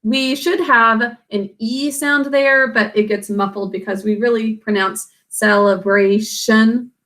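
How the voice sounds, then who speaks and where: A woman's voice: a little high, measured pace, pushed and bright. A woman teacher giving a recorded spelling lesson, patiently sounding out words letter by letter and syllable by syllable.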